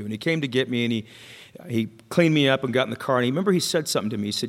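A man's voice: mid-range voice, racing, vocal fry. A man telling his recovery story to a meeting, candid and self-deprecating, often stopping and restarting his sentences. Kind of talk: personal recovery story told to an audience. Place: meeting hall with an audience. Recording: long hall reverb.

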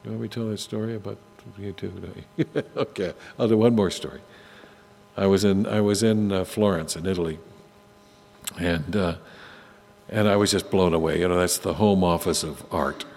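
Older guy telling stories to a crowd, lots of restarts, gravelly and kinda low, big echoey hall. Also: fairly even intonation, darkish tone. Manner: halting, with frequent restarts and asides. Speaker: speaker telling personal stories to an audience. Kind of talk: conversational storytelling talk. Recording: long hall reverb, faint hum.

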